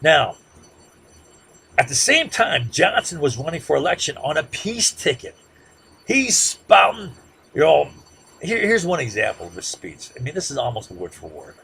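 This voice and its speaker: A man giving a classroom lecture in a conversational way, often checking in with "right?" and growing loud and heated as he makes his points. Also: fairly high pitch, big pitch swings, normal speed, gravelly, slight background noise. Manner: conversational, peppers sentences with "right?"; gets loud and heated when making a point.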